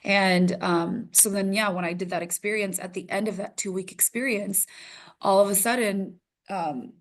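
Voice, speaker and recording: A woman in her thirties from Minnesota, a news reporter telling her story as a podcast guest, animated and laughing often. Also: mid-range voice, normal speed. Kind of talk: casual interview storytelling.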